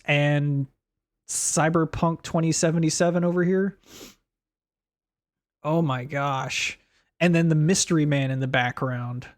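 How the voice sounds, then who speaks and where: A man streaming a retro game, rambling through bemused reactions and questions to himself. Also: on the high side. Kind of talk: live let's-play commentary.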